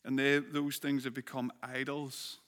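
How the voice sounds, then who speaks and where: A man's voice: medium pitch, level tone, takes it slowly, a bit bright. A man preaching a sermon as a pastor, earnest, building emphasis and asking rhetorical questions. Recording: long reverb of a hall.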